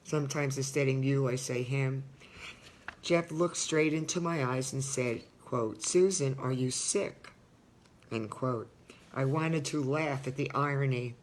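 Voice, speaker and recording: A woman's voice: rumbling low, unhurried, slight background noise. Older woman earnestly reading her memoir. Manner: earnest, marks dialogue by saying quote and end quote. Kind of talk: reading a personal memoir aloud with spoken asides.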